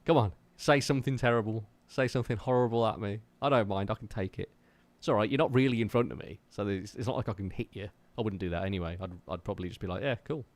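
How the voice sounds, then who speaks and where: A man with a faint West Midlands accent talks to his livestream viewers from his home drum room. His voice sits low, and he's jokey and self-deprecating. The sound is dry, with no room echo. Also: fast talker. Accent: faint West Midlands (Wolverhampton). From Wolverhampton, England. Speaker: drummer streaming his practice. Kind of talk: casual livestream chat.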